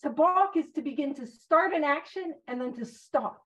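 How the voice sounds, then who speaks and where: A woman's voice: high-pitched, expressive, normal speed, a bit bright. A woman leading a recovery Big Book study in a casual, joking, self-deprecating way. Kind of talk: casual recovery-meeting teaching. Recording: muffled lo-fi recording.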